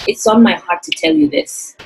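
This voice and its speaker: Woman, raspy and husky, with a gravelly edge, lively rise and fall, earnest personal storytelling. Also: medium pitch, normal speed, poor audio. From Zambia. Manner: earnest, reflective storytelling with acted quotes. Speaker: interview guest.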